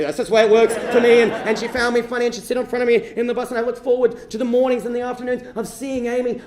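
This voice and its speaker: A young Australian man performing a one-man comedy storytelling show on stage, animated and prone to shouted rants. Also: high-pitched. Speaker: stand-up storyteller. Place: theatre stage before an audience. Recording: roomy theatre sound.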